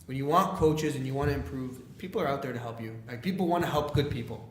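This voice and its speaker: Animated young man telling stories, echoey room. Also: mid-range voice, fast, a little hiss or hum. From Canada. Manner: animated storyteller, acts out quoted dialogue with many fillers. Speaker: guest, leadership speaker. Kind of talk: casual podcast storytelling.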